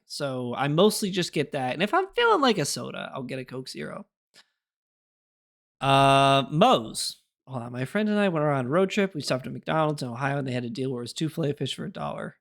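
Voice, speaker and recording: Rambling, lively young man streaming. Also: a little high, gravelly. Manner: rambling and chatty, answering chat with laughs. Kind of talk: casual live-stream chat.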